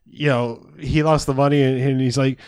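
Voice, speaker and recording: A man's voice: medium pitch, fairly even intonation, normal speed, darkish tone, smooth, dry recording. A man recapping a movie in casual chat, sarcastic and profane, laughing often.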